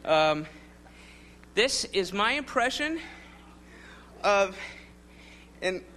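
High-voiced rambling man doing stand-up. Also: very slow. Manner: rambling, builds to excited yelling. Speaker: stand-up comedian. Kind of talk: stand-up storytelling. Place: comedy stage before an audience. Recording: live show with loud crowd noise.

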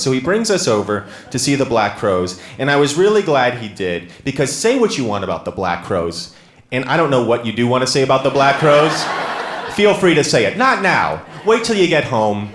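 A man's voice: mid-range voice, big pitch swings, moderate pace. A man performing a stand-up comedy set on stage, telling a self-mocking story with dry sarcasm. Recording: echoey live room with clear background noise.

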